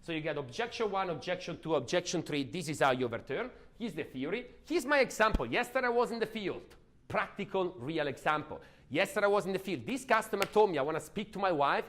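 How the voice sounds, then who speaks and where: A man giving an energetic, emphatic sales training talk, often asking the audience questions. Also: high-pitched, fast.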